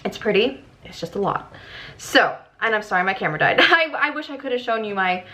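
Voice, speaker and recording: A young woman vlogging casually about her makeup, excitable and giggly, chatting as she works. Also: medium pitch, fairly quick. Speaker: beauty vlogger. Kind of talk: casual makeup tutorial chat. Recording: slightly dull lo-fi audio.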